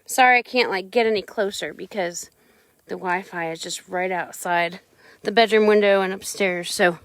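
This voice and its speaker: A woman's voice: mid-range voice, normal speed, fairly bright tone, no room sound. A woman chatting casually on a live stream outdoors on her ranch, talking sweetly to her animals.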